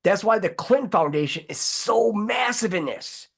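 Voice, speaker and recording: Guy hosting an online talk show, kinda high voice, rambly and worked up, swears a lot. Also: animated, moderate pace, gravelly, fairly bright tone, slightly rough. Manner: rambling, heated, swears freely. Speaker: host.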